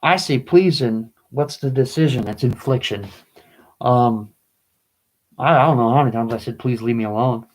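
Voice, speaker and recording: A man's voice: mid-range voice, moderate pace, poor audio. Agitated man venting to camera. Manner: agitated, pleading, rising to bursts of anger. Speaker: vlogger. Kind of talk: reading and explaining his own poem.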